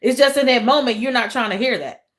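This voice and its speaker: Woman, livestream host; casual chat with viewers, soft and emotional, repeats lines. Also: a little high, quick pace. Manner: repeats phrases, talks to chat as y'all.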